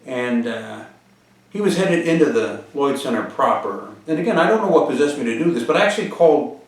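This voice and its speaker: A man hosting a deadpan comedic monologue and answering viewer questions. He uses pompous, formal wording broken by frequent hesitant "uh" pauses. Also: medium pitch. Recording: very echoey room, mic far off.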